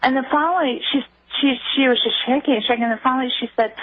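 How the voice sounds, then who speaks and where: A woman's voice: sits high, fast, no room sound. A middle-aged woman telling her personal story as a radio interview guest, earnest and emotional, over the phone. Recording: tinny phone line.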